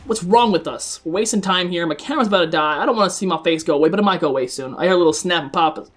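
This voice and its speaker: A man hosting live gameplay commentary, excitable, swearing often and chatting to his viewers. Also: high-pitched, very fast. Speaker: gaming video host.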